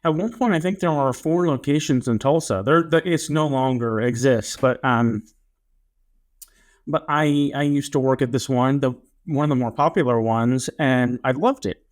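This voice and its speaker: A young man co-hosting a podcast, telling a story in a casual, animated way and acting out what people said. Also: mid-range voice, moderate pace. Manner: animated storyteller, acts out quotes. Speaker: podcast co-host.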